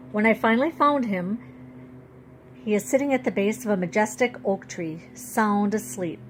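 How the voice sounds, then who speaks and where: A woman author reading her own storybook aloud in a steady, clear, expressive way. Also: medium pitch, a little hiss or hum.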